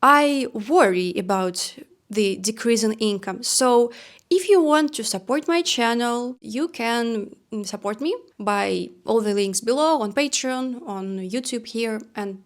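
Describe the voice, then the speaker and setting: A woman's voice: on the high side, unhurried. A young adult woman from Russia with a Russian accent, speaking in a reflective, self-deprecating personal vlog monologue. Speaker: vlogger.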